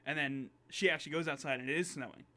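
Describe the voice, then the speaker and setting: A young man co-hosting a podcast in casual chat, easygoing and quick to laugh. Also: fairly high pitch, bright, forceful tone. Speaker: podcast co-host.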